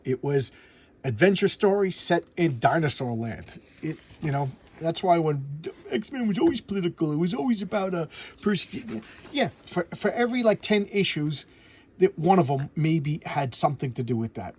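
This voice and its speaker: A man's voice: fairly high pitch, breathy edge. A middle-aged man chatting casually about an old comic as he pages through it, eager and gushing, often stammering and repeating words. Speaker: comic book reviewer. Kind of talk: casual chat while flipping through a comic.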